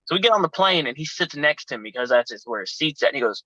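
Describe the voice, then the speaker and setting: A man's voice: fairly high pitch, big pitch swings, quick pace, few pauses, sharp tone, dry recording, muffled recording. A man telling profane, rowdy road stories in a casual chat as a guest. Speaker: pro wrestler guest.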